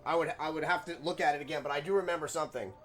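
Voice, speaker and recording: A young man giving casual, excitable, rambling game commentary, swearing now and then. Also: a little high, very fast, soft background music. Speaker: game streamer. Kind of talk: casual let's-play commentary.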